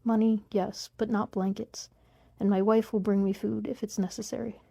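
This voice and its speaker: An elderly tailor, formal and deferential, quietly resigned, as a woman reads him aloud. The voice is mellow and gravelly, recorded dry. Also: mid-range voice, little pitch movement, moderate pace, no echo.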